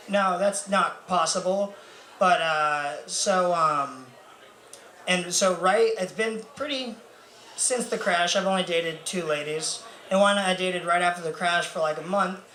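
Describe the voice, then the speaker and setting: In an echoey bar or club with crowd noise, a young man with a sharp, high-pitched voice does stand-up for a live audience. His set rambles along, profane and self-mocking, loaded with fillers and laughter.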